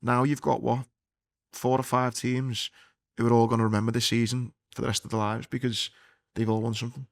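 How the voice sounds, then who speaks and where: Man, podcast co-host, sweary, animated, middle pitch, dry close sound. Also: fairly quick, gravelly, no echo. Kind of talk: casual football chat.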